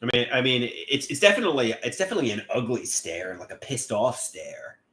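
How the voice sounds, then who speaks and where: Guy rambling on his livestream reading chat, lively up and down voice, lots of restarts, echoey room. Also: medium pitch, brisk. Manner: rambling, repeats and restarts words.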